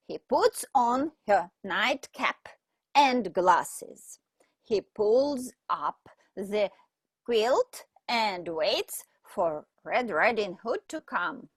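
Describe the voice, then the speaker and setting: A woman teacher reading a picture book aloud to children, expressive and pointing things out. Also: fairly high pitch, extremely slow, breathy edge, no echo. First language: Russian.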